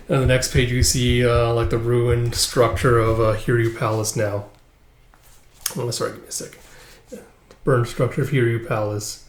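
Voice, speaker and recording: A man's voice: mid-range voice, level tone, normal speed. A man reading through a comic and commenting casually, rambling with many fillers and some swearing. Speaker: comic reviewer. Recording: echoey room.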